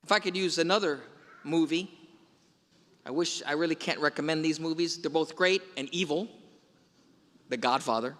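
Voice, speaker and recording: A man's voice: on the high side, normal speed, pauses often, bright, forceful tone. A man, a priest, giving a Sunday homily and retelling film scenes with quoted lines. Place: large church. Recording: long church reverb.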